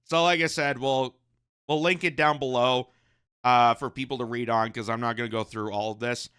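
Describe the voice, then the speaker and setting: A man's voice: medium pitch, fairly even intonation, normal speed, fairly bright tone, smooth. A man commenting on the news in casual talk, often sarcastic and mocking the people he criticizes. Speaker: commentary host.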